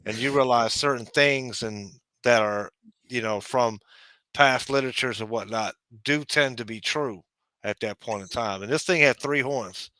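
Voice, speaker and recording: A man's voice: medium pitch, normal speed, sharp tone, no echo. A man in casual chat, rambling with lots of "you know" and restarts.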